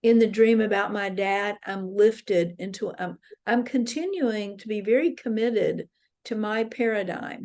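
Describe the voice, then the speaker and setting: A woman's voice: medium pitch, measured pace, darkish tone. A woman leading a dream workshop, telling personal dream stories in an earnest, reflective way. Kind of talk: spoken workshop talk. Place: interfaith center meeting room.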